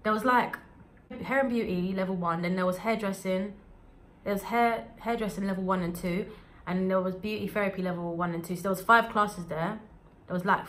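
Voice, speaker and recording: A young adult woman telling a storytime vlog in an animated, slangy way. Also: mid-range voice. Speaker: vlogger.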